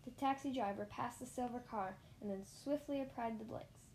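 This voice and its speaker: A woman narrating a children's story in the first person, lively, with small slips and restarts. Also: fairly high pitch, moderate pace, slight background noise. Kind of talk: reading a children's story aloud.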